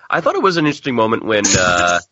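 A man co-hosting a casual podcast chat, relaxed and thinking aloud. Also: lowish voice, fairly quick, dry recording. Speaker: podcast co-host. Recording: dull lo-fi Skype audio.

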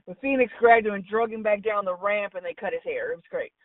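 On a tinny phone call with background noise, a woman speaks quickly in a medium-pitched voice, far from the mic. She's a call-in wrestling commentator, blunt and opinionated, swearing freely as she chats casually.

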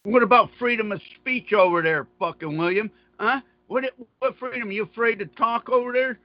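A man's voice: sits high, normal speed. A man rants in heated, profane bursts, circling back to the same points again and again. The sound is dull and lo-fi, and the room is dry with no echo. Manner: angry, profane, repetitive. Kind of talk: heated political rant.

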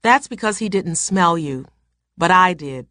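A woman's voice: lowish voice, animated, unhurried, dry recording, studio quality. A woman voicing an indignant, furious young woman in a novel read aloud, hurling insults in a raised voice. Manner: heated, shouting insults.

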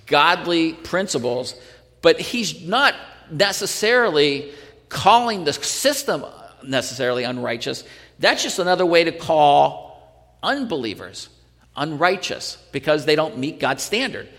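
A man's voice: mid-range voice, fairly bright tone, in a large hall. A male pastor teaching a sermon in earnest, pressing the point with rhetorical questions and restarting his sentences.

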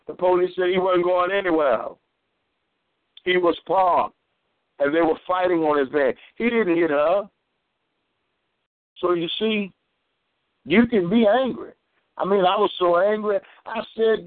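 A man's voice: high voice, measured pace, long pauses, dry recording. Preaching man on a tinny phone line. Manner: storytelling, repeats and restarts words. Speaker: preacher on a community call. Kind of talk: preaching testimony.

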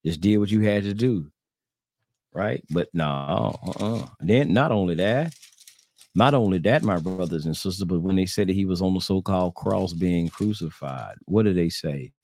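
A man's voice: sits low, animated, moderate pace, a little mellow. A man, hosting a religious podcast and preaching in a rhetorical, repetitive questioning style to his listeners. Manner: rhetorical, repetitive questioning, addresses "brothers and sisters". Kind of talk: preaching-style commentary to online audience. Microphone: screen-sharing computer setup.

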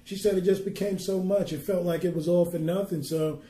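On a podcast, an earnest male minister preaches and tells stories in a fairly high yet mellow voice with a steady tone. He reads scripture slowly and weightily, and the recording sounds roomy and echoey.

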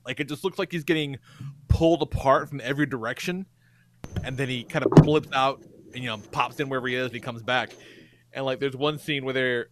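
A man's voice: mid-range voice, steady tone, fairly quick, background noise. A man co-hosting a podcast, rambling as he retells a show scene and acts out the lines with laughs. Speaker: podcast co-host. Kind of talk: casual chat.

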